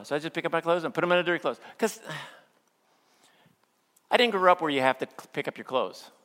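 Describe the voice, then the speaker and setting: A middle-aged male pastor preaching a sermon, telling stories with playful humor and acting out quotes, then slowing down for earnest points. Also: mid-range voice, pushed and bright. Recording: long hall reverb.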